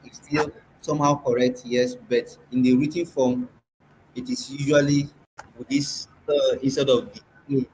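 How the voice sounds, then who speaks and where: A man with a Nigerian accent leads a classroom lesson at a middle pitch. He patiently quizzes his students and sounds words out for them, while a faint room hum sits behind him. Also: level tone, moderate pace, a little mellow, low-quality recording. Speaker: language workshop teacher.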